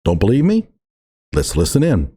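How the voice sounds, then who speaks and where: Husky, animated male commentator. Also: on the low side, normal speed. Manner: emphatic and sarcastic. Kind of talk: reaction commentary.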